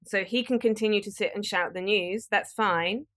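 A woman, hosting a podcast and giving earnest, direct, gently emphatic advice. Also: medium pitch, normal speed. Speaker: podcast host. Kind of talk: motivational advice talk.

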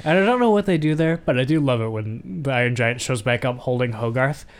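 A man in casual film talk, earnest and a bit halting as he recounts favorite moments. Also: mid-range voice, smooth. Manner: halting, earnest, many restarts. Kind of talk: casual movie discussion.

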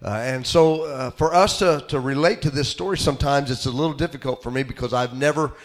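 A man's voice: medium pitch, fairly quick. A middle-aged man preaching a sermon in a folksy, conversational way, with many fillers and restarts. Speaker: pastor.

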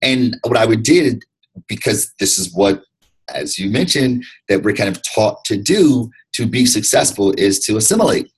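A man from Detroit talks as a podcast guest, his voice somewhat low and a little husky. He speaks earnestly and reflectively, circling back and restarting phrases as he thinks. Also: expressive, normal speed, rough recording. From Detroit, USA. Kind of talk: candid interview conversation.

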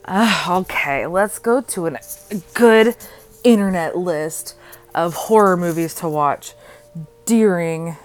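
Fairly low-pitched and slow, with long pauses, a young female podcaster talks solo from home over soft background music. She rambles, giggles, and jokes self-deprecatingly.

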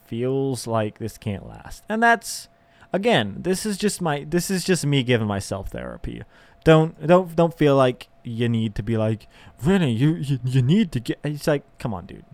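A young man talks through his frustrations in a candid, profane monologue, laughing and sighing as he goes. His voice sits at an ordinary middle pitch. The recording is dry and close, with no room echo. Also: animated, normal speed. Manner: ranting, profane, with frequent laughs and sighs; emotional and exasperated.

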